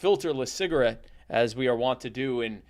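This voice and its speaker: A man hosting a comedy podcast, telling an improvised tall tale in a rambling, deadpan way with many restarts. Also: medium pitch, a little fast. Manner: rambling, deadpan, self-correcting. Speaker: podcast host.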